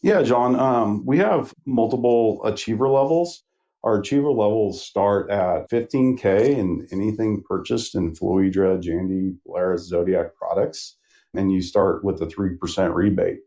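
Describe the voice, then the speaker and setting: A middle-aged man with a low voice, warm and mellow in tone. He talks easily as a guest on a trade podcast, wandering through his story with lots of "uh"s and "um"s. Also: measured pace. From Northern California. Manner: relaxed, rambling storyteller with many fillers. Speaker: manufacturer sales rep, guest. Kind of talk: casual podcast interview.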